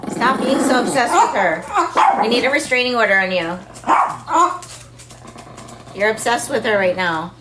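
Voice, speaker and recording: A woman's voice: fairly high pitch, very noisy. A woman who runs a senior dog sanctuary from her home, talking casually and in doting baby talk to her dogs, mixed with mock scolding.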